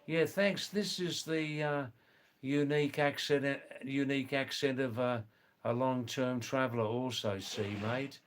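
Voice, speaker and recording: An older man with an accent between British and Australian, a retired nurse chatting on a live stream slowly and deliberately. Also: mid-range voice, steady tone, slight background noise. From England, raised in Australia. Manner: slow, deliberate, with many fillers. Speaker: livestream host, retired nurse. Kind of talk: casual live-stream chat.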